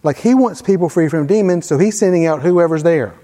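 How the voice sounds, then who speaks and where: A man's voice: on the high side, a little fast, mellow. A man preaching a sermon in a conversational way, reading scripture aloud with emphasis in a church hall. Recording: long hall reverb.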